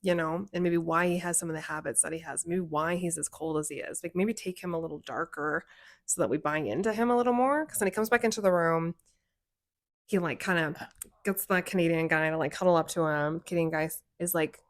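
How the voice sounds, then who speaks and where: A woman with a fairly low voice talks through a show in relaxed co-host chat. She strings thoughts together with "like" and keeps things loose and conversational. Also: brisk. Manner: chatty, leans on "like", acts out characters' lines. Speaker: co-host reviewing a TV series. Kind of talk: casual conversational review.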